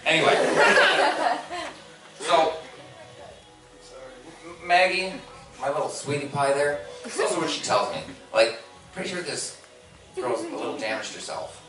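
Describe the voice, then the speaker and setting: A man in his thirties doing crude, animated stand-up comedy, often breaking into laughs, on stage in a large convention hall. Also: a little high, a little slow, pauses often, over music. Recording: echoey hall recorded from far off, noisy.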